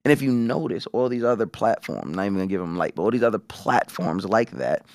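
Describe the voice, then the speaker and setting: A male podcast co-host tells a story in loose, profane conversation. His voice swings widely in pitch and carries a gravelly rasp. The sound is dry and close. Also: fast, no echo. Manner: animated storytelling, profane, acts out quoted voices. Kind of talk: casual podcast chat.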